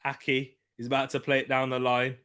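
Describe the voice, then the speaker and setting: A man hosting a live football watchalong, excitable, laughing often and shouting out at near chances. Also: mid-range voice, a little fast, smooth.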